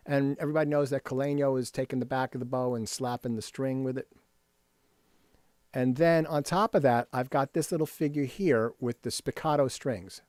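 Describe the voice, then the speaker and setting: A man's voice: mid-range voice, a little mellow. A man teaching a workshop on rhythm for composers, explaining at his computer and scatting rhythms aloud, often checking in with "right?". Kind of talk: screen-share music lesson. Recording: dry close recording with faint music.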